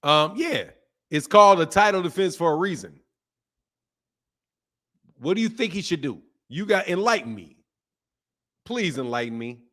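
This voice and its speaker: Male boxing streamer, high voice, sarcastic and heated, unscripted rant. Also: expressive, normal speed, pauses often. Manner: sarcastic, heated, swings from mock pleading to loud outbursts. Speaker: boxing channel host. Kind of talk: live-stream commentary and rant.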